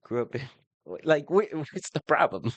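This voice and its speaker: A man from Baltimore giving heated, profane reaction commentary, incredulous and quick to laugh, in his basement on a faulty home mic. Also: fairly high pitch, lively intonation, dry recording. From Baltimore, USA. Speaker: reaction video host.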